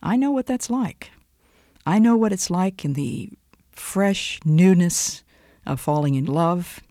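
A woman giving an earnest, expressive devotional talk, dropping now and then into soft whispers. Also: lowish voice, takes it slowly, dry recording, studio quality. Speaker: devotional speaker.

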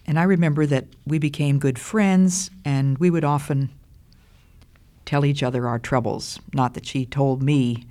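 Older woman, slow and deliberate, earnest christian teaching talk. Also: rumbling low, fairly even intonation, warm tone. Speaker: Christian speaker.

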